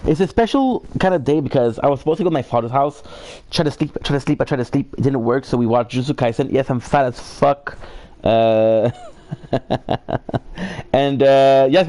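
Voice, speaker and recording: A man's voice: medium pitch, warm tone. A tired man streaming a video game live, chatting casually and rambling with lots of fillers and casual swearing. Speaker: gaming streamer. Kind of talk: casual live gameplay chat.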